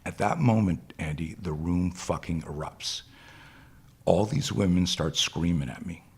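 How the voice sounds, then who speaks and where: A man's voice: low-pitched, unhurried, creaky, husky. A man, a self-defense instructor, telling a story in a podcast interview, intense and profane, acting out the lines of the people in it. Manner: intense, profane, acts out quoted dialogue.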